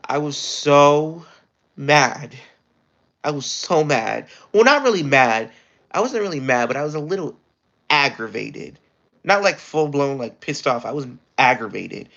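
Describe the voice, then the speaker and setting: A young man livestreaming, telling a story in casual chat, animated and exasperated, with his pitch jumping up often. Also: creaky. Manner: animated, exasperated retelling with quick pitch jumps. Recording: dull lo-fi stream audio.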